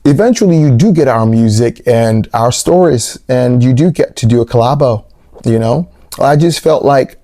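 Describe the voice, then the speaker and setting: A man giving a comedic movie review, animated and rambling, with big jumps in pitch on his jokes. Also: no echo, studio quality. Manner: rambling with restarts and asides.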